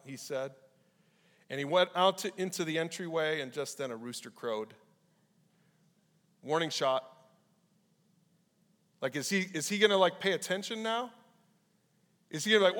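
A man preaching a casual, animated youth sermon, acting out the people in the story in quick voices. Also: medium pitch. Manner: animated, acts out quoted voices. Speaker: pastor. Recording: hall reverb.

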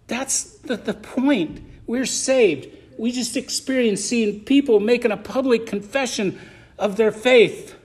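A man with a fairly high voice gives a sermon in church as the pastor. He moves between loud, drawn-out emphasis and quieter asides to his congregation. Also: expressive.

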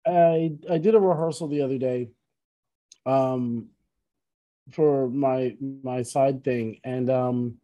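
A man's voice: medium pitch, slow pace, lo-fi sound, faint music behind. A man in casual conversation, telling a story with lots of restarts and asides. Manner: rambling, self-correcting, animated retelling. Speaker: podcast co-host, musician.

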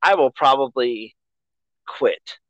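A man's voice: medium pitch, lively intonation, takes it slowly, fairly bright tone, no room sound, rough recording. A man hosting a casual podcast, chatting in a rambling, self-deprecating way. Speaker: podcast host.

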